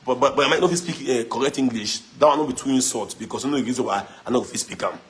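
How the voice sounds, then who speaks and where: A man's voice: medium pitch, very fast. Mocking Nigerian man on a livestream. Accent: Nigerian, Edo. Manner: animated, mocking, laughing, mixing pidgin. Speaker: social media livestreamer. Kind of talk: casual livestream chat.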